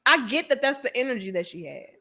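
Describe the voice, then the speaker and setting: A woman's voice: a little high, sing-song, fast, sharp tone. A woman hosting a casual commentary show, talking straight to her viewers in a slangy, blunt, teasing way with some swearing. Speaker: host.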